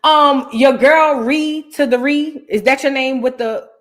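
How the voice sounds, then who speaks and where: A woman's voice: sits high, a little slow. An American woman hosting a reaction show, giving heated commentary on viewer comments and repeating her lines for emphasis. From United States.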